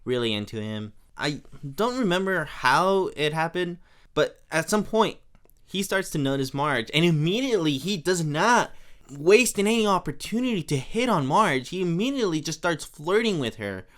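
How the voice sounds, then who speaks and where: Chatty young man recapping with lively pitch. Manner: chatty, laughs often, acts out quotes in quick voices. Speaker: podcast host. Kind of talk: casual episode recap.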